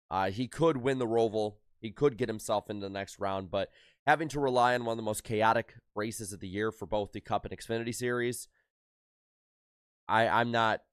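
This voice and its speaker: A man's voice: on the low side, a bit bright, smooth, dry recording, studio quality. A man hosting a casual race recap podcast, running through results with frequent "uh"s and a slightly worn voice. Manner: rapid rundown of results with filler "uh"s. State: slightly worn voice after a concert. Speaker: racing podcast host.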